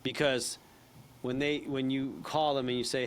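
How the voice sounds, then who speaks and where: A man teaching a sales training session in a casual, animated way, acting out bits of phone calls. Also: medium pitch, a little slow, a little hiss or hum.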